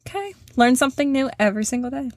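A woman with a fairly high voice hosts a relaxed podcast chat, upbeat and encouraging, quick to laugh along with her guest. The sound is very dry and close, with no room around her. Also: dry recording. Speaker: podcast host. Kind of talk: casual interview chat.

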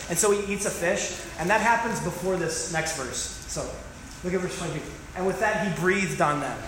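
A man preaching a sermon as pastor, animated and joking, acting out the scenes he describes. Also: high-pitched, moderate pace, noisy background. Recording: echoey hall with faint room ambience.

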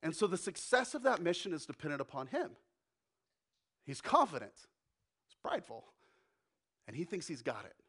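A man preaching a sermon as pastor, conversational and animated, acting out quotes. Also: fairly high pitch, normal speed, pauses often, breathy edge.

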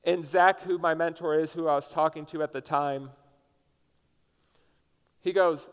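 A pastor from Indiana delivers a sermon that sounds like chatting with friends, full of "like" as he tells his story. His voice sits a little high for a man. A long reverb trails every phrase from the large hall he speaks in. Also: steady tone, a little slow, pauses often, smooth. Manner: casual storytelling, frequent "like" fillers. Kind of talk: conversational sermon.

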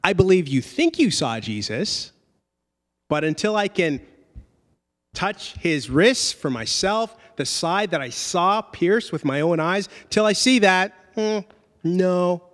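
A preacher voicing a doubting disciple. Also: male voice, sits high, lively intonation, takes it slowly, a bit bright, long reverb tail, exaggerated voice. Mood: skeptical. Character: doubting skeptical male disciple.

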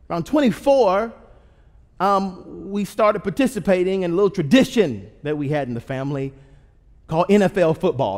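A man in his thirties, a pastor telling a humorous story in a sermon and asking the audience questions. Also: a little high. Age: 30s. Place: church auditorium. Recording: long hall reverb.

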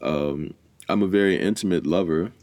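A young man co-hosting a casual podcast chat, joking and telling animated stories. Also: sits low, normal speed. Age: young adult. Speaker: podcast co-host.

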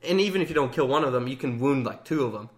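A man's voice: mid-range voice, animated, fast talker. A young man in casual gaming chat, telling stories with lots of energy and acting out other players in raised voices.

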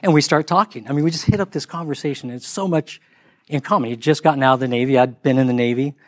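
It's a fast, echo-free recording of a middle-aged man relating a casual anecdote. He performs each quoted person, raising his pitch for their lines with lively energy.

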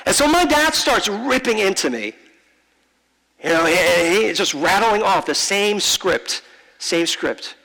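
A man preaching a sermon, telling a personal story in a heartfelt, halting way, often repeating words and slowing down for emphasis. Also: high voice, lively intonation, creaky, bright, forceful tone, big-room sound, low-quality recording. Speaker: pastor. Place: large church.

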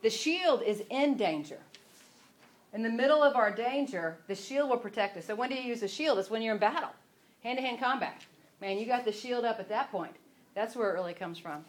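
Here a woman with a higher-leaning voice and lively intonation teaches Scripture at a brisk clip in an informal devotional manner. She rambles chattily, frequently breaking off and restarting what she's saying.

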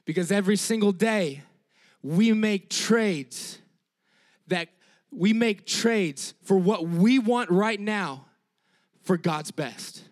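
High-voiced animated male preacher. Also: takes it slowly. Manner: animated, tags sentences with "all right?"; emphatic, repeats key phrases. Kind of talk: sermon.

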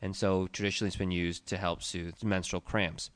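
A man's voice: deep voice, flat delivery, a little fast, fairly bright tone, clean tone, no room sound. A man co-hosting a casual podcast chat, steadily explaining the uses of an herbal tea and listing its properties. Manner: explanatory, lists facts steadily. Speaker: podcast co-host, tea shop owner.

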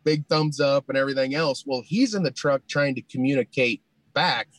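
A man telling a long humorous hunting story in a folksy, animated way, full of "you know" fillers. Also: medium pitch, moderate pace, no echo, rough recording. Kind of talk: casual storytelling.

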